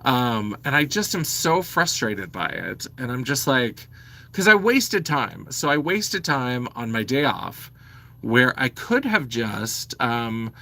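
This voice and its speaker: Vlogger type: man in his forties, blunt and sweary, delivery that swings up and down with a bright, forceful edge. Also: medium pitch, takes it slowly, creaky. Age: 40s. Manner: animated, blunt, sweary, exasperated. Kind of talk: ranting to camera.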